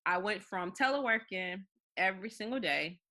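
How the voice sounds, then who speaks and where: A woman's voice: mid-range voice, animated, moderate pace, pushed and bright. A middle-aged woman co-hosting a podcast, chatting casually and animatedly, swearing and acting out the people she quotes. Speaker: podcast co-host. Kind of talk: casual chat.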